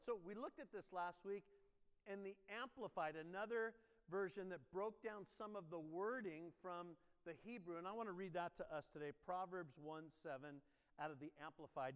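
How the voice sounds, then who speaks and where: Middle-aged male pastor, chatty storytelling sermon voice, smooth and resonant, long church reverb. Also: high-pitched, normal speed, fairly bright tone. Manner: conversational, storytelling, asks the congregation questions. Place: church sanctuary.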